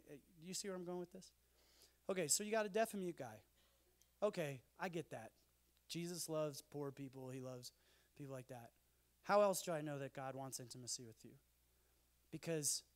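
A man speaking at a conference in an animated, conversational sermon style with jokey asides. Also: fairly high pitch.

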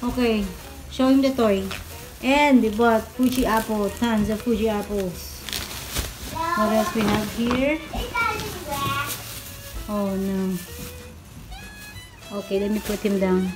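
A woman's voice: mid-range voice, slow pace, pauses often. A woman with a Filipino accent chatting casually in a vlog, naming things one by one. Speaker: vlogger. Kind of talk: casual grocery haul vlog. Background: background music.

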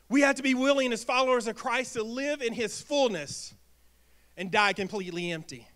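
A man preaching a sermon in a church, energetic, asking the congregation questions and acting out little quips. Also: very high voice. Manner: energetic, asks the crowd questions and acts out quips. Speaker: pastor. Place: church sanctuary.

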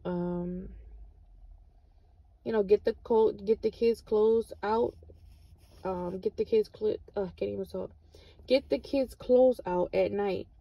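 A woman's voice: medium pitch, no room sound, lo-fi sound. A middle-aged woman, giving repetitive, encouraging motivational vlog talk with Christian references. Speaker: vlogger.

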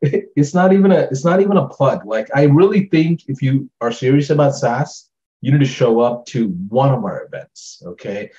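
Casual upbeat co-host man, mellow mid voice over a dull, muffled line. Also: mid-range voice, lively intonation, moderate pace. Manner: casual, upbeat, says "like" a lot. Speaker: workshop co-host. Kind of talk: webinar chat.

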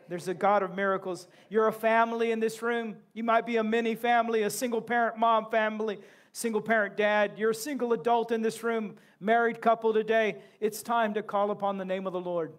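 A male pastor preaching a sermon in a church, impassioned, breaking into shouts and joking asides. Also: sits high. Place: church sanctuary.

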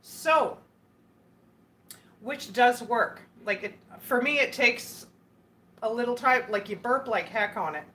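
A woman's voice: on the high side, slow, long pauses, a bit bright, slight background noise. A Canadian woman chatting casually with viewers while cooking, laughing often and greeting people by name. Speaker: cooking livestream host.

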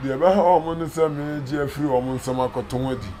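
A man's voice: fairly high pitch, a little fast. A Ghanaian man talking casually as an interview guest, telling his story with repeated phrases. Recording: loud background noise.

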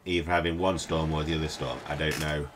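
A man's voice: extremely low pitch, flat delivery, fast, slight background noise. A tired British man from the UK, rambling to himself in casual gameplay commentary as a let's play host. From United Kingdom. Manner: rambling, mutters to himself while playing. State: tired, up at night. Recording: game music playing behind.

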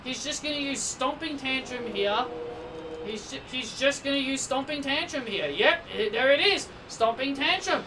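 A man's voice: very high voice, lively intonation, a little slow. A man commenting on his own game as he plays, exasperated and repeating himself, pleading with and scolding the game. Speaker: let's play gamer. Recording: distant mic with faint background noise.

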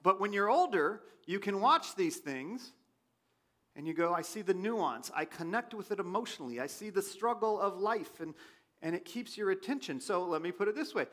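A pastor preaching a sermon in a church, his voice swinging from loud questions to quiet asides. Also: high voice, lively intonation, moderate pace. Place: church sanctuary.

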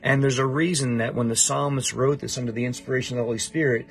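A man's voice: medium pitch, steady tone, fast, creaky. A middle-aged man teaching a Bible passage to a student, emphatic and repeating his points.

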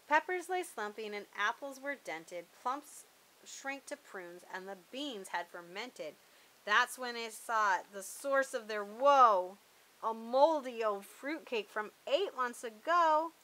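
A woman reads a rhyming children's book aloud in a bouncy, sing-song way. Her voice is bright and fairly high. It carries the rhymes along. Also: a little slow, a little hiss or hum, poor audio. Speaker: storybook reader.

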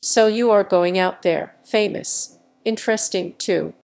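A woman's voice: mid-range voice, a little slow, gravelly, a little mellow. A woman reading the lines of an odd, curious old male doctor in an audiobook, speaking in a matter-of-fact, imperturbable way.

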